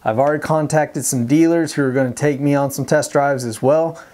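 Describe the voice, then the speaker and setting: A man's voice: fairly high pitch, fairly even intonation, fairly quick, a little mellow. A man with a Texan accent vlogging casually to camera about fishing, plainspoken and rambling with many ums and restarts. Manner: plainspoken, determined. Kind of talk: casual vlog talk to camera.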